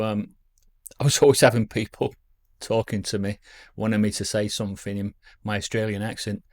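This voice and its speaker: Chatty man in his fifties. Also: fairly low pitch. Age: 50s. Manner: chatty, rambling, self-deprecating. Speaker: vlogger. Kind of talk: casual reminiscing to camera. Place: at home. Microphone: camera on a stand.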